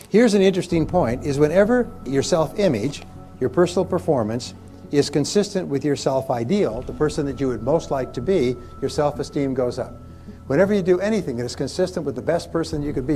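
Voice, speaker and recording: A man's voice: medium pitch, warm tone. A man giving a motivational seminar talk to a live audience, emphatic and repetitive, leading them in call-and-response. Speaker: motivational speaker.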